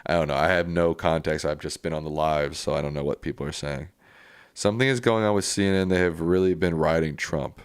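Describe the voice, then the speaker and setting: A man with a very low voice hosts a live stream, reading out viewer comments and giving casual, plainspoken answers. The sound is dry and close, with no room echo. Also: fairly quick, clear, resonant tone.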